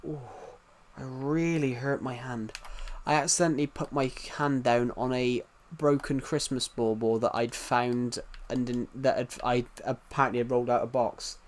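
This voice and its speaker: A British man on a casual live stream, talking at an ordinary mid pitch. He rambles loosely, circles back to repeat the same points, and greets and answers his chat as he goes. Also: fairly even intonation, normal speed, a little hiss or hum. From United Kingdom.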